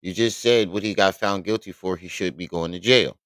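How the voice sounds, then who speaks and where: Blunt exasperated guy hosting a live stream, super low voice, dry sound. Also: brisk, a bit bright, no room sound. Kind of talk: live reaction commentary.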